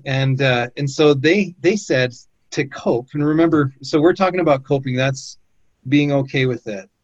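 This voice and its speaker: A man's voice: medium pitch, no room sound. Guy giving encouraging self-help advice, repeats himself a lot, dull dry audio. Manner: halting, repeats words, encouraging. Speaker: host. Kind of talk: casual chat, coaching advice.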